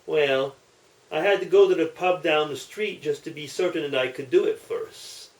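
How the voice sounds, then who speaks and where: A man's voice: fairly high pitch, normal speed, echoey room, far from the mic, natural voice, rough recording. A man doing a sly old Irish drinker. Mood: sheepish.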